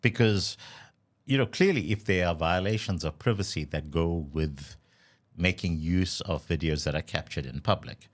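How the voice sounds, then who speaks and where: A man co-hosting a political podcast, arguing in a measured, formal and deliberate way. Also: deep voice. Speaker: podcast co-host. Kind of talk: casual political discussion.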